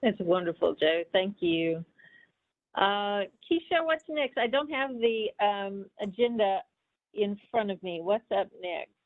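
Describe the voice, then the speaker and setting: A woman's voice: mid-range voice, animated, unhurried. A woman leading a virtual meeting as agency administrator, talking in a loose, chatty way. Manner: warm, chatty, with many fillers and restarts. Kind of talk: casual meeting talk. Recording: tinny phone-line audio.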